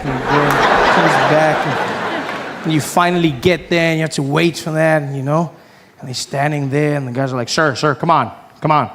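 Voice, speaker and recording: Stand-up comic, male, higher-pitched, lively, recorded live on stage with a crowd reacting. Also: background noise. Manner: animated, acts out characters with big shouted voices. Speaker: stand-up comedian. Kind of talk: stand-up comedy routine. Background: audience laughter.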